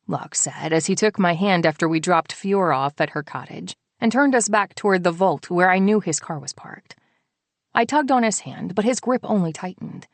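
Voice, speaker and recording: A woman narrating an audiobook in the first person, soft and intimate, on a close studio mic. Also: lowish voice, animated, normal speed, no echo.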